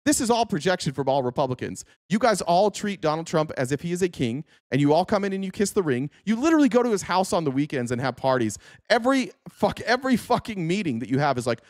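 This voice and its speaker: A man's voice: sits high, big pitch swings, fast talker, hardly any pauses, no room sound, studio quality. A man hosting a livestream, reacting to political clips with sarcastic, profane casual commentary.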